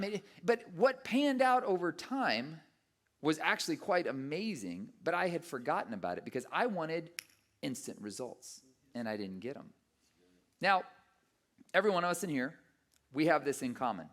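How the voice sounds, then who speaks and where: A middle-aged man preaching a sermon with a slightly higher voice than most men. He tells stories in an animated way and acts out his own inner voice as he goes. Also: normal speed. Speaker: pastor.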